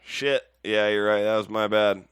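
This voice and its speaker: Smooth-voiced man chatting on a podcast. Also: lowish voice, steady tone, moderate pace, fairly bright tone. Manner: rambling, laughing, profane. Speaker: podcast co-host. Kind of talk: casual podcast chat.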